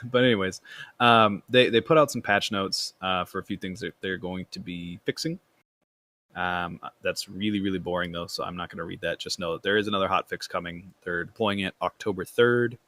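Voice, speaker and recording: A man's voice: low-pitched, steady tone, moderate pace, pushed and bright, no echo. A man hosting a casual gaming podcast, rambling with fillers and restarts. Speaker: podcast host.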